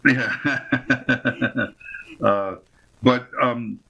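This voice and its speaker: A man being interviewed as a guest actor, rambling through affectionate anecdotes in a relaxed chat. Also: mid-range voice, extremely slow, gravelly, slightly rough, highs cut off.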